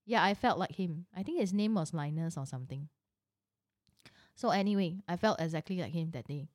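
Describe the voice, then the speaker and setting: A woman's voice: fairly low pitch, lively intonation, brisk, no room sound, clean studio sound. A middle-aged woman telling a personal story in a casual, chatty way, full of rhetorical questions and asides.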